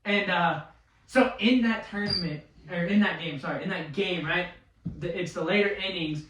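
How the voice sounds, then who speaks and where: A young man telling a baseball story in casual chat. He talks in an animated way, swears a lot and loudly mimics other people's voices. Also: high-pitched, moderate pace, background noise. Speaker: podcast guest, baseball player. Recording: echoey room, mic at a distance.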